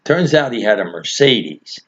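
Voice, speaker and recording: A man's voice: on the low side, big pitch swings, measured pace, slightly rough. An older man telling a rambling, chuckling anecdote in a casual, folksy way. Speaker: storyteller. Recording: dull lo-fi recording.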